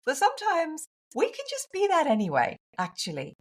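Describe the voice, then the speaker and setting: A woman's voice: sits high, huge pitch swings, moderate pace. A woman with a British accent, a guest on a podcast, talking earnestly and with emphasis in a casual interview. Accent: British English. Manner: earnest, emphatic, laughs easily. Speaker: podcast guest, coach for women.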